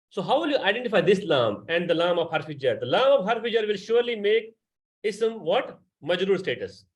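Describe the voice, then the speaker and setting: A man teaching a Quran class, patiently explaining grammar and quizzing his students. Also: sits high. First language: Urdu.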